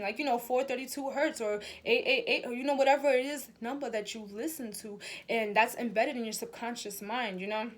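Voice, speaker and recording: Young woman, fairly high voice, casual emphatic spiritual vlog talk, swears, says y'all. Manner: chatty, emphatic, swears freely, addresses viewers as y'all. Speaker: spiritual reader and vlogger.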